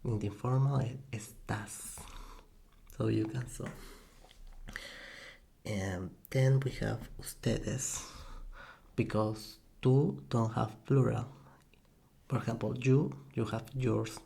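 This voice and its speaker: Slow, gravelly soft-spoken man. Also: mid-range voice, steady tone. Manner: halting, self-correcting, with soft laughs. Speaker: ASMR language tutor. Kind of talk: soft-spoken ASMR lesson. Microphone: USB desk microphone.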